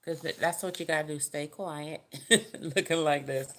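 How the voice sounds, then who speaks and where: Low-voiced woman reading tarot. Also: fairly even intonation, normal speed. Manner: chatty, folksy, gives direct advice. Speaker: tarot reader. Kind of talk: casual tarot reading to the viewer.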